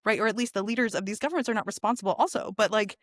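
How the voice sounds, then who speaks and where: A woman rabbi talking casually as a podcast guest, animated and sarcastic, with lots of asides and filler words. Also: mid-range voice, very fast, no room sound, clean studio sound. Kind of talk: casual conversational interview.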